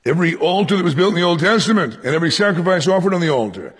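A man with a raspy, breathy voice preaches a study, his pitch leaping up for emphasis and dropping low for asides. He talks to the congregation directly, checking that they follow. His words ring out with long reverb in a large hall. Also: expressive, rapid-fire. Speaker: pastor. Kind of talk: verse-by-verse Bible teaching sermon.

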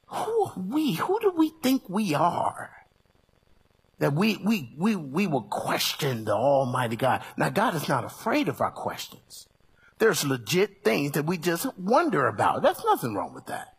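A male preacher delivering a sermon, animated and folksy, swinging from low murmurs up to shouts. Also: takes it slowly, slightly rough. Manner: folksy and colloquial.

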